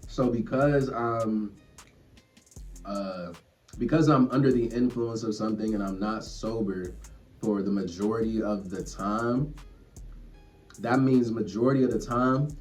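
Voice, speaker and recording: A young vlogger rants to camera casually yet earnestly, rambling and swearing as he reflects on himself. His voice is fairly low, unhurried, and darkish in tone, picked up by a distant mic with faint music in the background.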